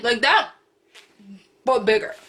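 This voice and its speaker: Young woman vlogger, bright voice, lively slangy storytime delivery, home camera setup. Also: a little high, takes it slowly. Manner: animated, chatty, slangy, repeats phrases for emphasis; acts out quotes with loud cries. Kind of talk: storytime vlog.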